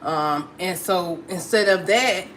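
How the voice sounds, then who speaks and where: A woman's voice: lowish voice, takes it slowly, a bit bright, slight background noise. A middle-aged woman hosting a casual live stream, chatty and affectionate, greeting viewers and talking through her opinions with many fillers. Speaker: livestream host.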